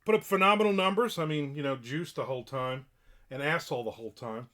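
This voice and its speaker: A man's voice: a little high, fast, fairly bright tone. A middle-aged man hosting a livestream, giving a casual rant in a blunt, profane and opinionated way. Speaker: livestream host.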